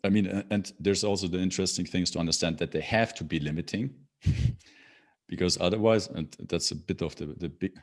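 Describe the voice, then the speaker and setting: Low-voiced man, halting and full of fillers. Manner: halting, many fillers and restarts. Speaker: podcast guest. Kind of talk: casual interview chat.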